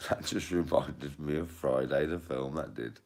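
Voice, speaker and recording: A man's voice: a bass voice, creaky, a little mellow. A man with a Birmingham accent, rambling crudely and laughing often as he chats. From Birmingham, England. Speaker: streamer.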